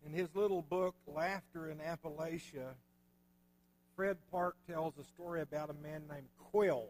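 A man preaching a sermon, telling folksy stories in a relaxed, conversational way. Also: fairly high pitch, measured pace. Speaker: pastor. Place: church sanctuary. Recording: long hall reverb.

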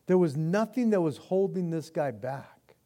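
A man's voice: on the high side, lively intonation, measured pace, mellow. A man preaching a sermon as pastor in a casual, slangy way that builds to impassioned intensity.

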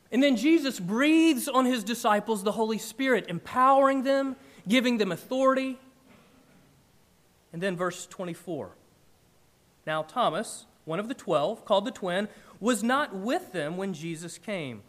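Man, pastor, high voice, emphatic animated sermon, church. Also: measured pace. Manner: emphatic, animated preaching with swings in loudness.

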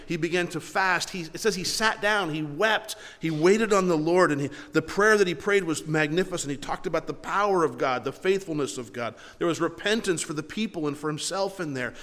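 A man's voice: fairly high pitch, fairly quick, hardly any pauses, fairly bright tone. A man preaching a sermon as pastor, talking in a conversational way with frequent restarts, in a church hall.

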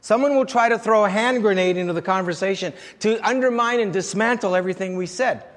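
A man's voice: sits high, fast talker, a bit bright, in a large hall. A man preaching a sermon in a conversational way, putting rhetorical questions to the congregation. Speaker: pastor.

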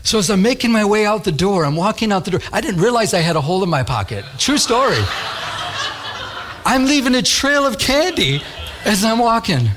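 A man preaching a sermon, telling a childhood story in an animated way and acting out the voices. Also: high voice, a little fast. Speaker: pastor.

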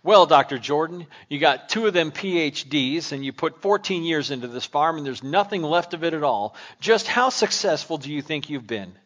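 A man's voice: on the high side, expressive, moderate pace, hardly any pauses, a bit bright. A male preacher voicing a haughty, prodding small-town male newspaper reporter in a sermon story. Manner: prodding, mocking.

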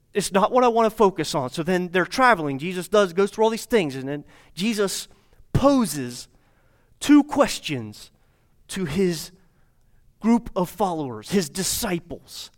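A man's voice: high-pitched, expressive, moderate pace. A man preaching a sermon as pastor, speaking to his congregation with repeated phrases and rhetorical questions. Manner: repetitive, rhetorical questions, addresses congregation directly.

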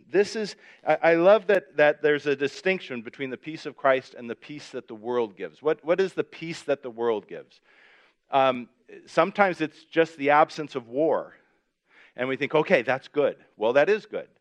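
A man delivers a sermon in a relaxed, conversational manner. He reads scripture aloud and often restarts his sentences as he explains them. His voice sits at a middle pitch. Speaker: pastor.

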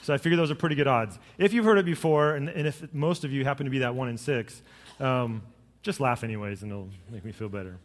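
A middle-aged man, a pastor, giving a sermon with jokes and storytelling that rise to lively emphasis. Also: mid-range voice, quick pace, in a large hall.

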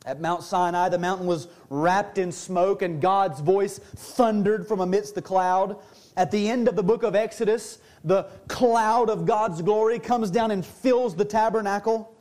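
High-voiced man preaching a sermon. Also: steady tone, darkish tone. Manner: earnest preaching, slows and drops low for emphasis. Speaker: pastor.

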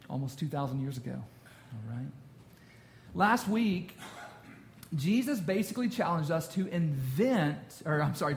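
A man's voice: a little high, slight background noise. A man in his thirties preaching a casual, jokey sermon to a congregation. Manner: jokey, conversational, quotes song lyrics. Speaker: pastor.

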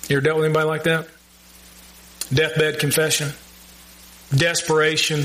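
A man preaching a sermon, earnest and conversational, with emphatic pauses and direct questions to the congregation. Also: fairly high pitch, little pitch movement, a bit bright, rough recording. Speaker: pastor.

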